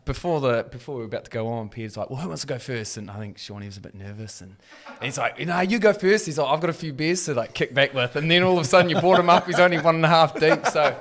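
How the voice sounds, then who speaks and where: A man's voice: fairly high pitch, quick pace, hardly any pauses, fairly bright tone. A man, a podcast guest chatting easily and joking with the hosts. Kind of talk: casual chat.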